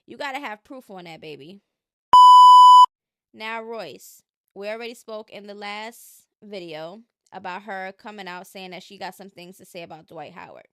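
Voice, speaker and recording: A woman's voice: medium pitch, normal speed, fairly bright tone, dry recording, clean studio sound. A woman hosting a casual gossip commentary, talking in an opinionated, chatty way and drawing out her emphasis. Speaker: commentary channel host.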